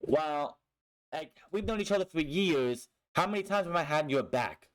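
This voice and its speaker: A young man talks through a wrestling episode in a loose, casual way, swearing freely and growing frustrated at storylines that drag on. His voice sits a little higher than most men's. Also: animated, normal speed. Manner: blunt, frustrated, swears a lot. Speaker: wrestling show reviewer. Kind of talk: casual recap with profanity.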